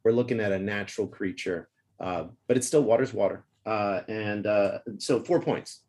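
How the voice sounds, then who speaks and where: A man's voice: on the low side, moderate pace, darkish tone. A man playing a tabletop game, playful and joking with the others. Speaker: player. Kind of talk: casual tabletop game play.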